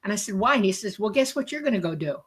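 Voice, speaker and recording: A woman in a casual interview, telling a story with lively acted-out dialogue over a remote call. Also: medium pitch, rapid-fire, breathy edge. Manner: lively storyteller who acts out quoted dialogue.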